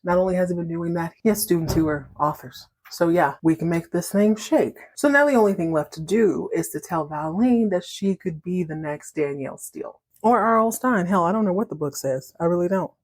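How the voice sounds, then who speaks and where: Lively woman podcaster, slightly low voice, chatty and laughing a lot. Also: brisk, few pauses. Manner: chatty, animated, laughs often. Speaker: podcast host. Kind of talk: casual recap storytelling.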